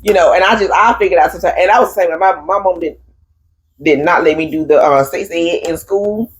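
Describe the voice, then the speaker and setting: Sassy low-voiced woman. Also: brisk. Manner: teasing, sassy, says honey and child a lot. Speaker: podcast co-host. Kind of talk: casual chat.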